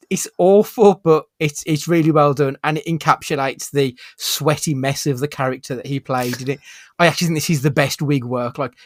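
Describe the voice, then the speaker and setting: A man's voice: medium pitch, no room sound, studio quality. A man co-hosting a casual podcast, talking enthusiastically and often restarting his sentences. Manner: chatty and enthusiastic, with frequent restarts. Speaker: podcast co-host.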